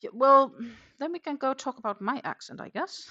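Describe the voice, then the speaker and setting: A woman's voice: high-pitched, animated, normal speed, bright, forceful tone, lo-fi sound. Chatty Danish woman with mixed accent. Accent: mixed Danish, Dutch and English. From Denmark. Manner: chatty, reads viewer comments aloud, many fillers. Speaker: crochet live streamer. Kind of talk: casual livestream chat. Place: at home.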